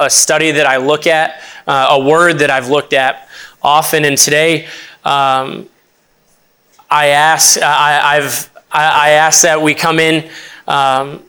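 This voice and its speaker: A young man, an associate pastor, preaching a sermon in an earnest, halting way with many restarts. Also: on the high side, sharp tone, smooth.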